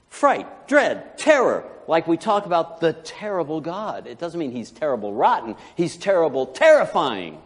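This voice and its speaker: A man preaching a sermon as pastor, animated, swinging from loud preaching to quiet asides. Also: on the high side, unhurried, hardly any pauses, slightly rough, long reverb tail.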